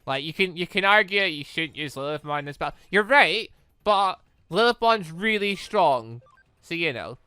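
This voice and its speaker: Male let's-player, lively pitch, tense bright tone, cursing and grumbling at the screen. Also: moderate pace, clear, resonant tone, dry recording. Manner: exasperated, swears often, talks to the game. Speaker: gaming YouTuber. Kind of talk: let's-play commentary.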